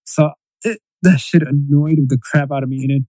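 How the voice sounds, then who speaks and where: A man in casual chat, ranting in an animated, profane way and mimicking quotes in a raised voice. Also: a little high, no room sound, low-quality recording.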